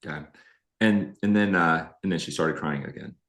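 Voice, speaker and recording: A deep, low-pitched middle-aged man on a live relationship show, telling stories in an animated, self-deprecating way. His voice carries a roomy echo from the space around him. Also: normal speed. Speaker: relationship coach co-host. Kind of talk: live-streamed conversational talk.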